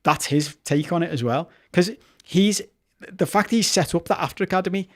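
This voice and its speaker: His high-pitched voice moves at a moderate pace as he co-hosts a football podcast. The chat is casual, but he argues with heated passion, swearing freely and starting sentences over.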